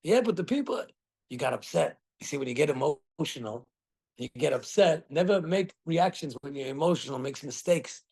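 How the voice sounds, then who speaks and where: A middle-aged man, a rabbi, giving a Torah class and telling the story with animated acted quotes. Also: mid-range voice, normal speed, gravelly, husky.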